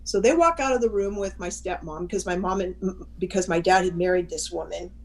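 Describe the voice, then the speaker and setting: A woman's voice: fairly low pitch, a little fast, poor audio. An older woman, a chaplain and interview guest, telling a personal story with animation and frequent restarts.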